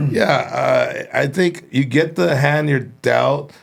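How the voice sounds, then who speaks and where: La guy hosting a podcast, gravelly voice, swearing a lot, animated storytelling, mid pitch. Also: slow pace. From Los Angeles. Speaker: podcast host. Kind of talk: casual chat, storytelling.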